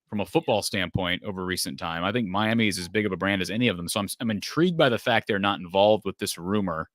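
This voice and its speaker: A man's voice: lowish voice, fairly bright tone, no room sound, clean studio sound. A man hosting a live call-in sports show, chatting loosely and thinking aloud with plenty of fillers. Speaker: show host.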